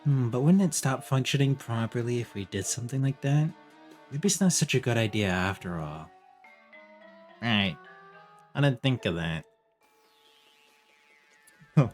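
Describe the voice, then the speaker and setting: Guy reading as a whiny young woman in a stuffy uniform, kinda nasal, mid pitch. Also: expressive, a little slow, pauses often, soft background music, lightly acted. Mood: thoughtful.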